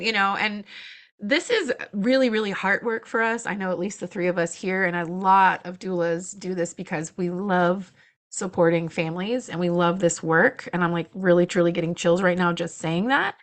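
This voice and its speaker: A woman doula as a podcast guest, animated and acting out dialogue as she tells stories. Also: mid-range voice, fairly quick. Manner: animated storyteller, acts out dialogue. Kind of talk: casual podcast interview.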